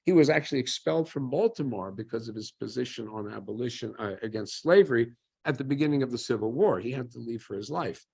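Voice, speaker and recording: A man's voice: mid-range voice, fast, creaky, darkish tone, breathy edge. A man giving an informal history lecture in a conversational way, asking himself questions and answering them with dry humor.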